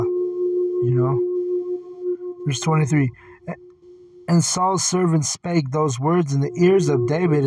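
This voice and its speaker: A man reading scripture aloud and commenting on it in a casual, blunt way, often swearing. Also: on the high side. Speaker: Bible teacher. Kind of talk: casual Bible study commentary. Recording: distant mic with singing bowl music.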